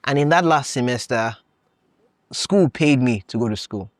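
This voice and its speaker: A young man from Nigeria hosting a podcast, telling stories in a casual, animated way, laughing often and acting out his own past thoughts. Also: medium pitch, moderate pace, no room sound, studio quality. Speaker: podcast host. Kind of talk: casual storytelling monologue.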